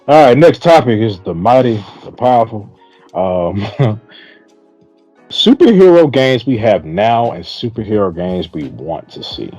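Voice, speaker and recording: A young man co-hosting a podcast, chiming in with quick reactions and frequent laughs as he introduces topics. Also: on the low side, sing-song, dark tone, no echo, faint music behind. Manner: laughs a lot, chimes in with short reactions. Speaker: podcast co-host. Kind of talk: casual chat.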